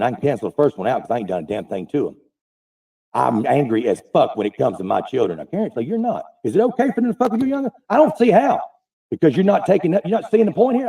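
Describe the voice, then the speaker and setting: A man's voice: fairly high pitch, vocal fry, warm tone, far from the mic. An angry man ranting profanely in defense of himself on a livestream. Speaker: online streamer defending himself.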